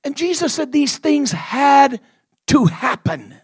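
A man preaching a storytelling sermon, animated and dramatic, drawing words out and laughing often. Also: very high voice, slow.

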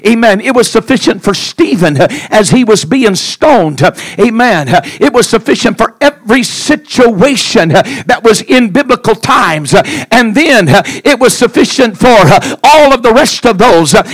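A man preaching a sermon who breaks his phrases with filler sounds and calls of amen. He swings between loud calls and hushed, slow passages. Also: extremely high pitch.

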